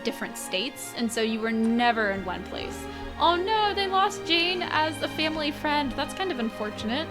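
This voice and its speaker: A young woman streamer chatting casually and giggling through live gameplay commentary, talking to her chat. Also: on the high side.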